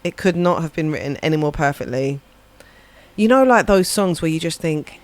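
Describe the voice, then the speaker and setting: A woman's voice: low voice, expressive, moderate pace, a little mellow. A woman, a livestreaming musician, chatting casually and reflectively, rambling and swearing now and then. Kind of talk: casual chat on a live stream.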